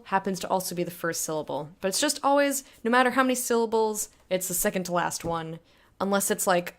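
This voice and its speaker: A woman's voice: fairly low pitch, creaky. A woman giving a casual, rambling spoken lesson on pronunciation, chatty and full of fillers. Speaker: language tutor.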